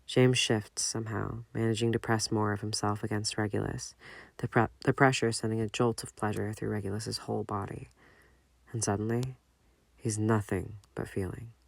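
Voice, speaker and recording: A man reading a fan-fiction audiobook aloud in a measured, unhurried way. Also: fairly low pitch, level tone, vocal fry, no echo. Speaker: audiobook narrator.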